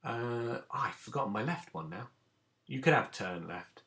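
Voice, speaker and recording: A man's voice: medium pitch, animated, measured pace, fairly bright tone. A man, a teacher giving a recorded lesson to children and explaining each step patiently. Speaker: primary school teacher.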